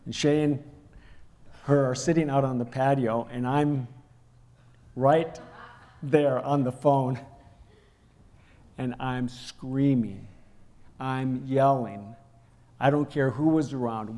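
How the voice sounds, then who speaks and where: A man's voice: medium pitch, fairly even intonation, measured pace, pauses often. A man preaching a sermon, telling a personal story and acting out the raised voices in it. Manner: storytelling, acts out quoted shouting. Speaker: pastor. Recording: long hall reverb.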